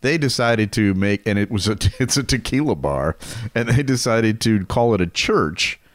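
Male podcast co-host, low and animated, casual joking banter. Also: normal speed, no room sound, studio quality. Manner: joking, laughs easily. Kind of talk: casual chat.

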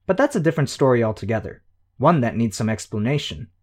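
A man voicing a smug, sharp-tongued young woman who talks in quick, know-it-all quips. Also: mid-range voice, sing-song.

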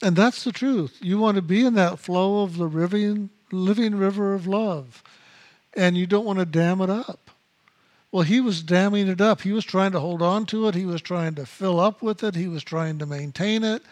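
A man with a notably high voice teaches a meditation practice. He speaks in slow, measured phrases and circles back to repeat his key words. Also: darkish tone. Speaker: spiritual teacher.

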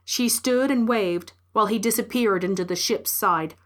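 A woman narrating a short story in a measured, clear reading. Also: medium pitch. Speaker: story reader.

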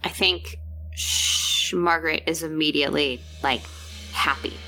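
A woman playing a tabletop game, talking in halting, emotional bursts. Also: low-pitched, steady tone, pushed and bright, soft background music. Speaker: player. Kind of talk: casual tabletop play.

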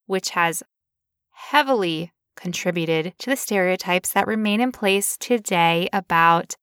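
A woman's voice: lowish voice, unhurried, a bit bright, clear, resonant tone, dry recording, studio quality. A woman co-hosting a podcast, talking casually with sarcastic asides. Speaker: podcast co-host.

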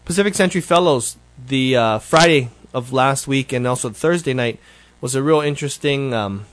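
A man hosts his show in a casual solo update, talking in a loose, rambling way and often correcting himself mid-sentence. His voice sits at an ordinary middle pitch. The recording is dry and close, with no room echo. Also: normal speed. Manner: rambling, conversational, with frequent self-corrections. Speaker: show host.

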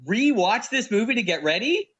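A man's voice: sits high, sing-song, normal speed, fairly bright tone, husky. A man co-hosting a podcast, wisecracking and ribbing the others. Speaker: podcast co-host. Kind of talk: casual podcast banter.

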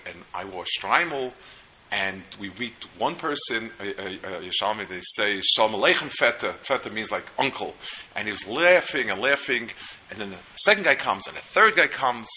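A man lectures at a seminar in a very bright, sharp voice. He is earnest and stops and restarts as he tells stories to make his points. Faint hiss sits behind him. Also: lowish voice, expressive, rough recording. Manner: earnest, storytelling, halting restarts. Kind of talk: lecture on parenting.

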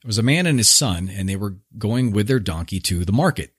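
A man's voice: fairly low pitch, animated, a little fast, slightly rough. A man hosting his own podcast, retelling an old fable in a laid-back, slangy, joking way. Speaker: podcast host. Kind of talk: casual storytelling monologue.

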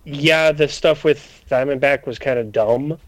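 A man co-hosting a podcast, giving relaxed, chatty opinions in casual talk. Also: medium pitch, measured pace, no echo, poor audio. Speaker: podcast co-host. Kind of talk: casual chat.

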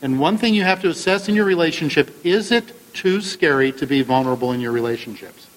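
A man's voice: on the high side, a little fast, low-quality recording. A man giving a conversational talk on relationships to an audience, asking rhetorical questions and acting out what partners say. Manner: conversational, rhetorical questions, acts out couples' lines. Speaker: therapist speaking to an audience. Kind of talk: lecture with acted-out examples.

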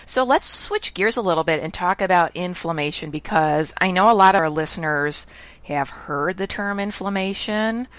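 Low-voiced woman podcast host. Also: expressive, normal speed, a bit bright, no room sound. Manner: conversational, curious questioning. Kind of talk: casual interview.

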